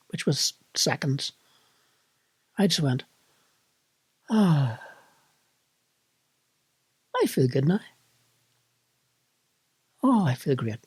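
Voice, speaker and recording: This vlogger is a middle-aged man from Northern Ireland, whose accent comes through as he reflects candidly on a personal experience. His voice is mid-range, a little mellow and slightly rough, captured with no room sound.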